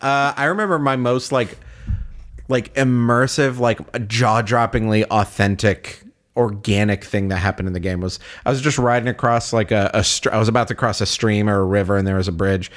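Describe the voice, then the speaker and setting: A man's voice: fairly low pitch, normal speed. A young man co-hosting a casual podcast chat, telling game stories with lots of laughter and acted-out voices. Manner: animated storyteller, laughs often, acts out game characters. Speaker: podcast co-host.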